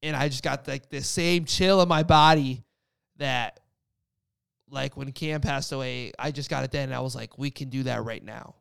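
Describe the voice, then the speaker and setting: A man's voice: medium pitch, fairly even intonation, normal speed, creaky, a bit bright, clear, resonant tone, no echo, studio quality. A young man casually telling a personal faith story, rambling with lots of "like" fillers. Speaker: guest sharing a faith story. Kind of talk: casual testimony chat.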